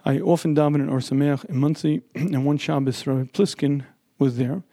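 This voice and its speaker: A man giving an earnest, emphatic Torah lecture who keeps clearing his throat. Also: a little high, moderate pace, dark tone, no room sound. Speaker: religious lecturer.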